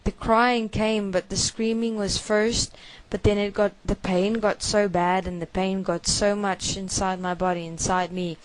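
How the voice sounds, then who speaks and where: A woman giving a first-person spoken confession, halting and hushed, with many repetitions. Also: medium pitch, little pitch movement, poor audio.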